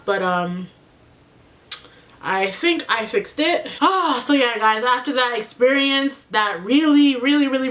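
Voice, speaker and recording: A woman's voice: mid-range voice, a bit bright. A young woman vlogging casually while doing her makeup, tearful and emotional, saying "like" and "you know" a lot. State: tearful after crying. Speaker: beauty vlogger. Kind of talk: casual get-ready-with-me chat.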